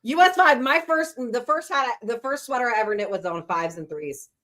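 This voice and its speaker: A woman's voice: on the high side, animated, normal speed, pushed and bright. A woman hosting a casual livestream chat about knitting, chatty and reading viewer comments aloud. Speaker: host.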